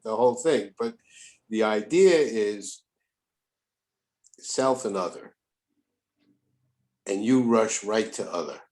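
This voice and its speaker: An older man with a fairly low voice talks on a podcast. He rambles in a folksy, repetitive way, like a therapist chatting casually. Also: slow, long pauses, darkish tone, rough recording. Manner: rambling, repeats words, folksy. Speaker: host, therapist.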